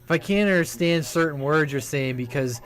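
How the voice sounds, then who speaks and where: Man, high-pitched, blunt, profane, casual CB radio chat. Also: moderate pace, a bit bright. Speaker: CB radio station operator. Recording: CB radio transmission.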